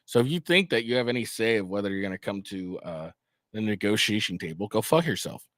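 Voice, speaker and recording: Profane, animated male political vlogger. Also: on the low side, fairly quick, no echo, clean studio sound. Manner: profane, mocking, ranting. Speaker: host. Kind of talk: political commentary vlog.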